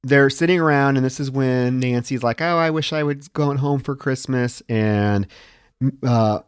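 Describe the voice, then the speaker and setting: A man's voice: mid-range voice, measured pace, clean tone, dry recording, studio quality. A man co-hosting a podcast, recapping a film in a rambling, casual way with some swearing. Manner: rambling plot recap with profanity. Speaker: podcast co-host.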